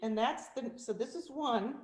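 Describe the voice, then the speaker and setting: Over a video call, a woman with a fairly high voice coaches singers as a vocal coach and guest speaker, demonstrating technique with quick sung exercise snippets. She is animated and laughs easily and often, and her voice rings in an echoey room during the virtual meeting.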